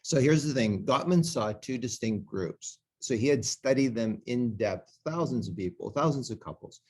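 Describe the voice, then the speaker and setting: A middle-aged man co-hosting a relationship talk, telling a story in an animated way and laughing often. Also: medium pitch, moderate pace, breathy edge. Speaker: co-host and presenter.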